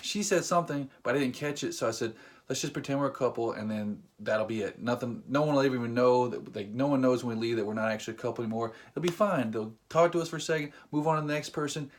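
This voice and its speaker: A young man telling a funny personal story to camera in a casual, animated, self-deprecating way. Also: medium pitch, fast talker. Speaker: vlogger.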